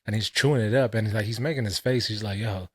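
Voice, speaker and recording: A man co-hosting a casual podcast, telling stories in animated, profane slang. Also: lowish voice, racing. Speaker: podcast co-host. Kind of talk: casual chat.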